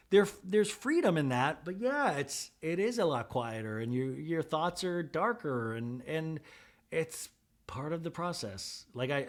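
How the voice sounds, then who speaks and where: Man, podcast host, comedic recap, lively swooping delivery, fairly high voice, cursing, quick asides. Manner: animated, swearing, jokey asides. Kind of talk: comedic reality-show recap.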